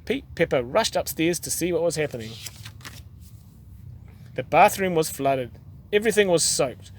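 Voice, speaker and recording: A man with a New Zealand accent reading a children's picture book aloud, gently and expressively. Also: a little high, expressive, normal speed, a little hiss or hum. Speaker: storyteller dad.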